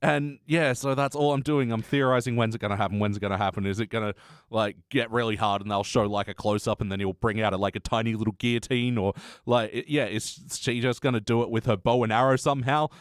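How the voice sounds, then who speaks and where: A wry man co-hosts a podcast in casual chat, chuckling and dropping puns. His voice sits at a middling pitch, and the close mic sounds dry. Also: fairly even intonation, fast, dry recording. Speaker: podcast co-host.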